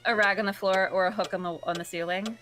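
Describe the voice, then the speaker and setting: A woman's voice: mid-range voice, steady tone, fairly bright tone, soft background music. A woman co-streaming a game, chatting, joking and speculating about the story. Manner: chatty, joking, quick to laugh. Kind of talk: let's-play commentary.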